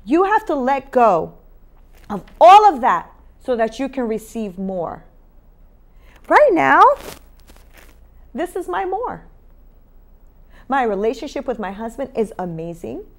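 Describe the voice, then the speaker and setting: In a studio, a high-pitched woman hosts a talk show, speaking emphatically. She urges her listeners on with faith-based motivation and often repeats her key phrases.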